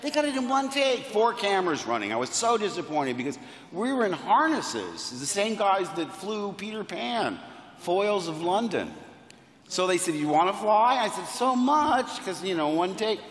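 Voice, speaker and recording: An American man in his sixties, speaking as a panel guest, shares anecdotes with playful enthusiasm and jokes at his own expense. His high voice is very animated at a moderate pace, and the PA carries a roomy reverb through the large convention hall.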